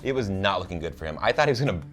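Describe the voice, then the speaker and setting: A young man with a very low voice co-hosts a casual TV episode breakdown. He talks in an animated way, stumbling through fillers and restarts, with soft music under him. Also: racing. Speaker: show co-host. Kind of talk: casual TV recap chat.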